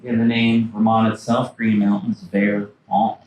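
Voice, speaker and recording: A man's voice: lowish voice, flat delivery, a little slow, darkish tone, a little hiss or hum. A man, an author and former backcountry ranger, giving a storytelling slide talk in a library and acting out quoted historical figures. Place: library meeting room. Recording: echoey room from afar.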